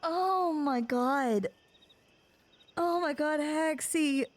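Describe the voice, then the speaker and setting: A woman's voice: high voice, drawn-out words, no echo. A young woman streaming live and chatting casually, gushing and near tears, rambling as she repeats herself.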